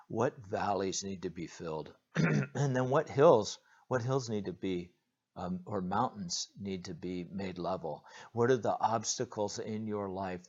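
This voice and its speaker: A man with a fairly low voice preaches in an earnest, direct way, stopping on fillers and repeating words as he goes. The recording sounds dull and lo-fi, with its top end muffled. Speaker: pastor. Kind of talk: sermon.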